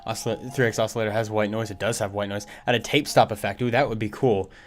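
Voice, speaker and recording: A man's voice: fairly low pitch, fairly even intonation, fast talker. A man hosting a music production livestream, thinking aloud and interrupting himself casually. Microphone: desk USB microphone.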